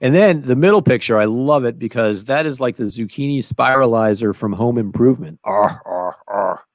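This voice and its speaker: A man's voice: medium pitch, brisk, no room sound, studio quality. A man hosting a podcast, interviewing his guest in an enthusiastic, praising way. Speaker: podcast host. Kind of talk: casual interview chat.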